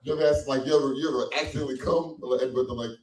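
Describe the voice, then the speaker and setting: A man performing a stand-up comedy set in a small cafe, animated and loose, acting out quoted voices. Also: mid-range voice, racing. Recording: echoey room from far off.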